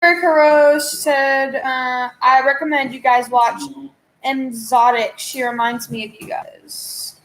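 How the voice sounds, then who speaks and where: A woman's voice: high-pitched, fairly even intonation, measured pace, a bit bright, slight background noise, low-quality recording. A young woman with a Texan accent, co-hosting a casual cooking chat with dry, sassy remarks. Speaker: co-host, daughter. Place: home kitchen.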